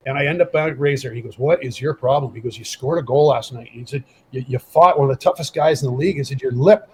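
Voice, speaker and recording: Here a middle-aged former professional hockey enforcer speaks quickly at a medium pitch, guesting on a podcast with a casual story. He brings it to life by acting out what people said. Poor audio quality adds a little hiss or hum.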